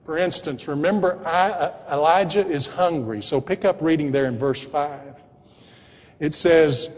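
A man preaching a sermon and reading scripture, emphatic and building to loud appeals. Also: a little high, measured pace. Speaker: pastor. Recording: long hall reverb.

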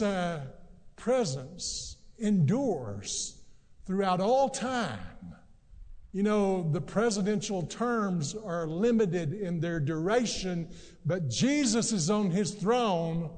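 A man preaching a sermon as pastor, earnest and emphatic, with drawn-out pauses between phrases. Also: high voice, darkish tone, in a large hall.

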